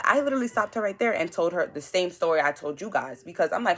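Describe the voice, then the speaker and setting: A woman's voice: lowish voice, fast talker, few pauses. Blunt young New woman. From New York. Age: young adult. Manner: animated, blunt, slangy storytelling with acted-out quotes. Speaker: vlogger. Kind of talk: storytime vlog.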